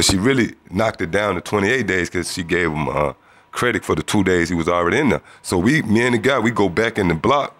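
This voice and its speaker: A man shares a religious testimony in a relaxed storytelling manner. His voice sits fairly low, and he acts out the other people in the story as he talks. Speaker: testimony speaker.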